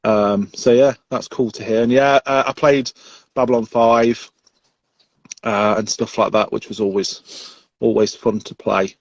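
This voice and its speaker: A man's voice: on the low side, steady tone, measured pace, dry recording. Male host on a phone live stream, hesitant and full of fillers, dull, dry sound. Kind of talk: casual chat. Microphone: phone on a flexible arm.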